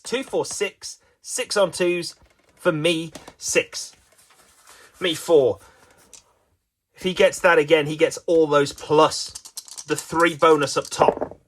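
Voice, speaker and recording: A man's voice: fairly high pitch, steady tone, slow, pauses often, fairly bright tone. A man giving playful, self-mocking mock sports commentary on a dice game.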